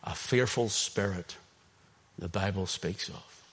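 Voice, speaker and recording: A man with a Northern Irish accent preaching an impassioned sermon, swinging between loud emphasis and hushed asides. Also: medium pitch, lively intonation, normal speed. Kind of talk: sermon, streamed online.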